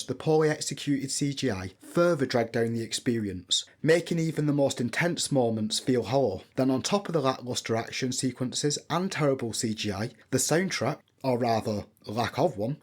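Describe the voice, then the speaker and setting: A man reading a scripted film review in a blunt, opinionated way that includes swearing. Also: medium pitch.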